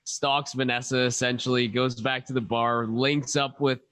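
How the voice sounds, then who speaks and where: Man, casual podcast chat, laughing a lot, dry close sound, mid pitch. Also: flat delivery, normal speed, a bit bright, dry recording. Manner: laughs often, acts out quotes. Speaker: podcast co-host. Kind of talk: casual movie discussion.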